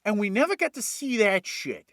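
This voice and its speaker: A man's voice: sits high, sing-song, moderate pace, fairly bright tone, no room sound, clean studio sound. A man retelling a story as a comedy bit, profane and rambling with jokey asides. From Worcester, Massachusetts. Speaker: comedic recapper.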